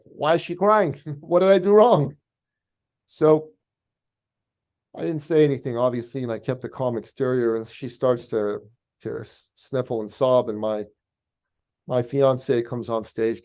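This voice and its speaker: A man, a business coach, telling a personal story in a podcast interview and acting out the people in it. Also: mid-range voice. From Canada. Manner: animated storyteller, acts out quoted voices.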